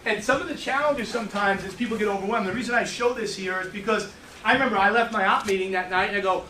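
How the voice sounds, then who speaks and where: A man's voice: high-pitched, fast, sharp tone, a little hiss or hum. A man giving a live sales training talk, telling stories and joking, asking the room questions. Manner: brash, joking storyteller who asks the room questions. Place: meeting room with a small audience. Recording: echoey room, mic from far off.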